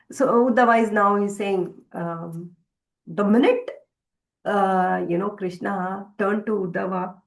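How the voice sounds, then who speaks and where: A woman's voice: medium pitch, steady tone, takes it slowly, creaky, low-quality recording. A woman teaching a devotional scripture class. She retells a story hesitantly, with many fillers and restarts.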